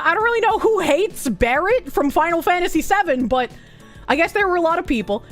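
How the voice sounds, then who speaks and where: High, lively-voiced woman streamer. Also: a little fast, soft background music. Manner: swears a lot, rambling and self-interrupting. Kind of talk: casual live-stream chat.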